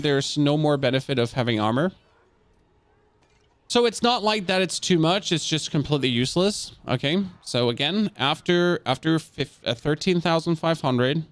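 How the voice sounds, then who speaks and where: A man's voice: on the high side, no room sound. A man from Germany, streaming a game live. He chats casually, answers questions from the chat and jokes between gameplay explanations.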